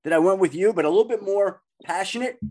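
A man hosting a sports podcast, talking in an animated, emphatic and excitable way. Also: high voice, quick pace. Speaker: podcast host. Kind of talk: casual sports chat.

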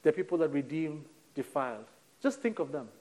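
High-voiced preacher. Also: male voice, big pitch swings. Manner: preaching with dramatic drops to a near hush and sudden lifts; slows right down on key phrases. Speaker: pastor. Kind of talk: sermon.

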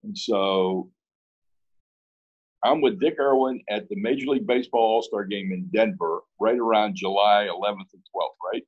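Husky man telling a lively story. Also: on the low side, moderate pace, muffled recording. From Pittsburgh. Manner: animated, acts out both sides of dialogue. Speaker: guest. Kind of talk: casual storytelling in an interview.

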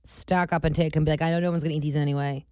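A woman co-hosting a podcast, tossing out quick, teasing remarks in a loose chat. She talks fast, and her voice sits at an ordinary pitch for a woman. The recording is dry and close. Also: level tone, a little mellow, smooth, no room sound. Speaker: podcast co-host. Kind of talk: casual chat.

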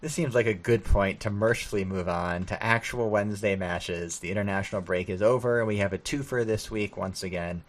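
A man's voice: fairly low pitch, fairly quick, hardly any pauses, a little hiss or hum. A man hosting a podcast, moving things along with a dry wit. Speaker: podcast host. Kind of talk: casual chat.

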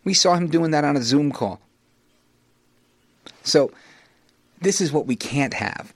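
A man hosting a talk radio show as a fill-in, energetic and promotional in a conversational way. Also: on the high side, unhurried, no echo.

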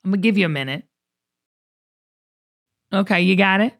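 A woman's voice: mid-range voice, normal speed, fairly bright tone, no room sound, studio quality. A middle-aged woman, hosting a casual chat and talking in an upbeat, motivational way. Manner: upbeat, motivational, uses y'all. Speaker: show host.

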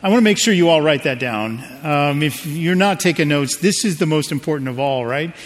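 A pastor delivers a sermon, talking to his congregation in a loose, joking way and calling on them to answer. His voice sits a little high for a man. The sound rings with the long reverb of a large hall. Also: expressive, fairly quick. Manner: conversational preaching with jokes and audience prompts.

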